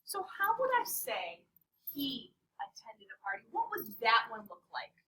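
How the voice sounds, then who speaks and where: Lively high-voiced woman teaching a class. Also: normal speed, a little hiss or hum. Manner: playful, animated, quizzes the class. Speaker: Spanish teacher. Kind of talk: classroom lesson. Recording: distant classroom mic.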